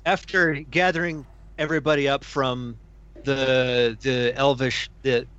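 A man's voice: medium pitch, fairly even intonation, unhurried, fairly bright tone, clean tone. A man recapping the last tabletop game session, searching for words. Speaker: player. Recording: dry, dull lo-fi sound.

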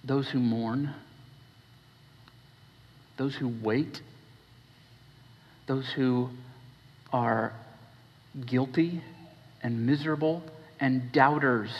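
Male pastor, conversational sermon, questions the room, reverberant hall, dull mic sound. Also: fairly high pitch. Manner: conversational, questioning the congregation, shifting between hushed and raised. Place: church hall.

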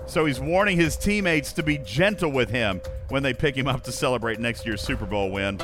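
A man's voice: medium pitch, lively intonation, a little fast, over music. A man with allergies and a congested throat, reading joke news stories to his live-stream chat and calling out viewers by name.

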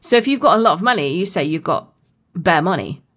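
A woman's voice: on the low side, expressive, fairly quick, a bit bright. Woman, Somerset accent, podcast co-host, playful, laughs a lot. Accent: Somerset English. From England. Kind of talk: casual chat.

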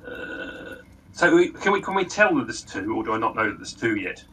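Bright-voiced hesitant gamer, sits away from the mic, faint hiss. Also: male voice, on the low side, very animated, moderate pace, husky, distant mic, rough recording. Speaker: player. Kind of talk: casual game chat.

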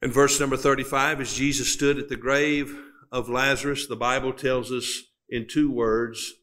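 A man preaching a sermon who pauses dramatically, builds to emphatic climaxes and reads scripture in old-fashioned wording. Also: medium pitch, steady tone, a bit bright.

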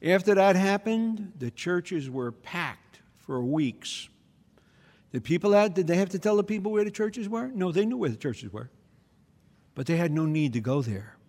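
A man with a slightly high voice preaches a teaching homily in a church. He talks conversationally and keeps checking in with the audience. Long reverb from the hall trails his words. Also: expressive, moderate pace, darkish tone. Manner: conversational, checks in with the audience by asking "okay?" and "hmm?".

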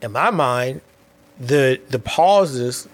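A man talking on his own podcast, reflecting out loud in a quick, restless way, often repeating words and dropping slangy asides. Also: medium pitch, expressive. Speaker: podcast host. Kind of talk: reflective solo podcast monologue.

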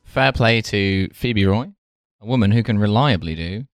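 A man hosting a comedy podcast, bantering quickly and laughing often. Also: lowish voice, dry recording, faint music behind. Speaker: podcast host. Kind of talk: casual comedy chat.

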